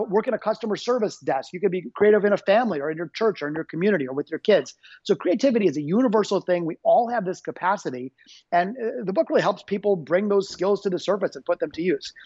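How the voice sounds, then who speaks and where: A man's voice: high-pitched, lively intonation, fast, darkish tone, husky, dry recording, highs cut off. A man being interviewed as an author, talking in an upbeat, enthusiastic way. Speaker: guest author. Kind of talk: energetic interview talk.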